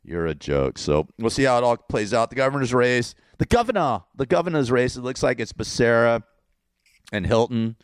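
A man's voice: mid-range voice, expressive, moderate pace, clear, resonant tone, no echo, studio quality. A man from California with a Californian accent, ranting casually and sarcastically, rambling and repeating himself and laughing at his own jokes. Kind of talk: casual political rant to camera.

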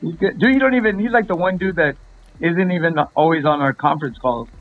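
A man's voice: on the high side, a little fast, narrow, tinny audio, faint music behind. A man, a rapper guest, talking casually and animatedly, repeating himself and calling the host "bro". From Los Angeles area. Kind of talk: casual interview chat.

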